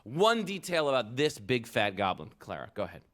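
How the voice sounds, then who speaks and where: A man's voice: medium pitch, wildly swooping pitch, moderate pace, a bit bright. A man reading a picture book aloud to children at a live event, playful and asking the kids for details.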